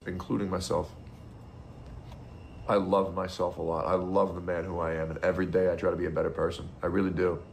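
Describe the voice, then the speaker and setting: A man's voice: low voice, flat delivery, fairly quick, gravelly, slight background noise. A man ranting bitterly as a streamer, sarcastic and profane. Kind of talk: ranting monologue.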